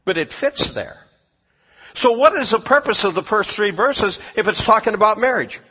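A man preaching a sermon as pastor and teacher, speaking emphatically and swinging between quiet and loud passages. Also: high voice, animated, normal speed, slightly rough. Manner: emphatic preaching, rising and falling in volume. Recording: dull lo-fi sound with long hall reverb.

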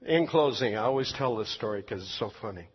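Husky male pastor, dull church recording. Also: fairly low pitch, fast. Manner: animated storyteller who laughs at his own tale, then soft pleading invitation. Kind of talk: sermon with humorous story and altar call. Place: church service.

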